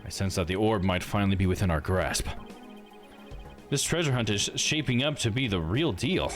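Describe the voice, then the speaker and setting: A man's voice: fairly low pitch, animated, moderate pace, pitched below the performer's own voice, lightly acted. A man voicing a bold, cheerful older male adventurer who calls his companion son, read live over game music. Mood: excited. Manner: boisterous, calls everyone son. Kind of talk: live reading of game dialogue.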